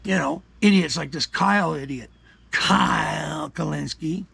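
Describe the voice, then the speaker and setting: An older man from Canada ranting his opinions in a combative, profane way, dropping to mutters and rising to shouts. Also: fairly high pitch, unhurried, gravelly, breathy edge, no room sound. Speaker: commentary vlogger. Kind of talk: angry opinion rant.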